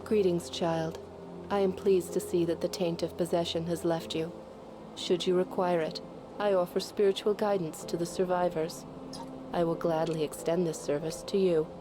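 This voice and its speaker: A woman voicing a composed spiritual healer in a video game, speaking in a flat, formal way. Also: fairly low pitch, normal speed, natural voice. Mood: calm, formal. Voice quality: flat, stiff and formal delivery. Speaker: game character. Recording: game audio with clear background noise.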